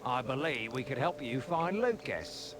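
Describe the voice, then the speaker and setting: An actor playing a gruff middle-aged male sewer thief guard with a British accent and rough folksy speech, in game voice acting. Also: mid-range voice, animated, a little slow, background noise, natural voice. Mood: gruff warning. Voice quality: rough folksy dialect, calls people lad.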